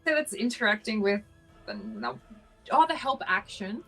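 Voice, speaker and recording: Woman, tabletop player, husky, animated pitch, playful. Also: moderate pace, soft background music. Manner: playful, cheers and teases. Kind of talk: casual tabletop game play.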